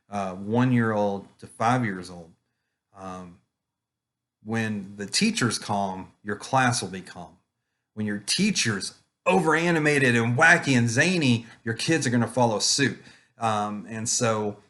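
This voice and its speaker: A man who does children's ministry puppetry, giving a casual, calm, rambling talk over a webcam with many fillers. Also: mid-range voice. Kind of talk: casual online conference talk.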